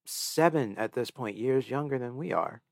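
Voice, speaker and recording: Earnest young man, stuffy gravelly voice. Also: mid-range voice, normal speed, dry recording, studio quality. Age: 20s. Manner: earnest, emotional, reflective. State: sniffly, stuffed-up from crying. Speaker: podcast co-host. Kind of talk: casual chat.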